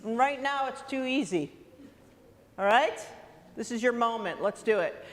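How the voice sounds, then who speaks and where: A woman conducting a student wind band, energetic and encouraging, singing parts aloud between instructions. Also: fairly high pitch, unhurried. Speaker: guest conductor. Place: large theatre stage. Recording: echoey hall with long reverb.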